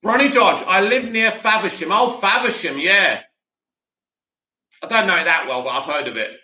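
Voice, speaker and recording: A young guy from Bromley, England, with a South London accent hosts a live movie news stream, reading comments in casual chat. His high, very bright voice is animated as he banters with chat and swears casually, at a moderate pace in an echoey room.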